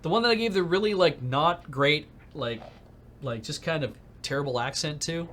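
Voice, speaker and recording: A man's voice: on the high side, moderate pace, fairly bright tone. A man streaming a video game who reads the story text aloud and chats casually, thinking aloud as he plays. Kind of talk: let's-play commentary and reading game text aloud.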